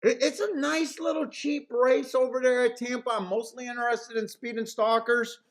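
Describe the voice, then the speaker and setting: A man's voice: extremely high pitch, level tone, moderate pace. A man hosting a live horse racing handicapping stream, chatting casually, rambling, swearing and laughing often.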